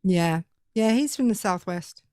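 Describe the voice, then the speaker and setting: A woman with a British accent, co-hosting a casual live-stream chat and explaining things with quick asides. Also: medium pitch, animated, warm tone, no echo, studio quality. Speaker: co-host.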